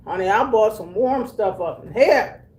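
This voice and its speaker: Slow, husky older woman chatting. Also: medium pitch, lively intonation, darkish tone. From Delaware, USA. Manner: chatty, calls viewers honey and baby; laughs easily while telling stories. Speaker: vlogger. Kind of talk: casual chat to camera.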